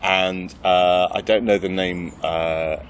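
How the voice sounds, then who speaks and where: Low-voiced, hesitant male host. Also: fairly even intonation, takes it slowly, slight background noise. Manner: hesitant, searching for words, laughing easily. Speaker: podcast host. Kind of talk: casual chat.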